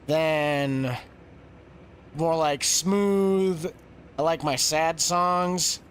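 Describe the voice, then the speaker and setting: A man's voice: on the high side, very slow, a little hiss or hum. A man streaming a game live, chatting casually and answering questions from chat.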